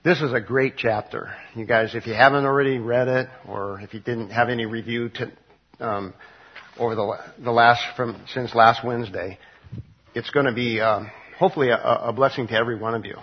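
A man preaching a midweek Bible study sermon, halting and full of fillers and restarts. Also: medium pitch, steady tone, slightly rough, lo-fi sound. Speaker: pastor.

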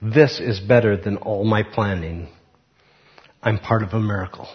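A man voicing a gentle young tree in a storybook reading, in close to his own voice. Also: on the low side, measured pace, close to an everyday voice. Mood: awed. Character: young tree dreaming of being a cradle, gentle. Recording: muffled recording.

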